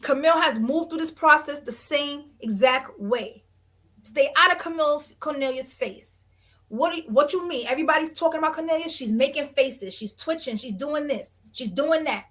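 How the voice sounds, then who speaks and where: A woman's voice: high voice, moderate pace, fairly bright tone. A woman animatedly retelling a reality-show conflict in an interview and acting out what others said. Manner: acts out other people's quotes with shifting voices. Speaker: reality show cast member, guest.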